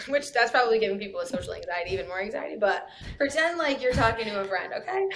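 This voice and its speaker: A woman's voice: mid-range voice, expressive, fast, a bit bright, slight background noise. A woman, talking casually as a podcast guest, chatty and laughing often. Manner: chatty, laughs often, lots of "you know" and "like". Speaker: copywriter guest.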